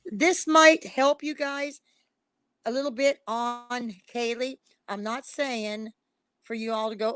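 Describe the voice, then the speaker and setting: A woman with a high voice speaks as a psychic reader visiting someone's live stream. She talks in an emotional, casual way, pleading and hammering her points home by repeating them. Her voice sounds dry and close, with no room echo. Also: fairly even intonation, slow, a bit bright, clean tone. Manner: emphatic and repetitive, pleading.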